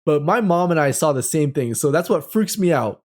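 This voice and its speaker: Animated man telling a ghost story. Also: on the high side, moderate pace. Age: 30s. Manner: animated storytelling with frequent laughter and fillers. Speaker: host.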